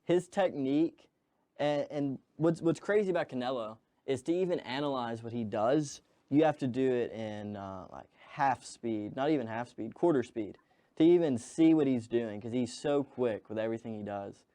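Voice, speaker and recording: A man's voice: medium pitch, moderate pace, mellow, no room sound. An easygoing young man in his twenties is talking as a guest. He sounds modest and laughs things off, and his voice is in the mid range, dry and close with no room sound. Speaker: guest, debut boxer. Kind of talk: casual interview chat.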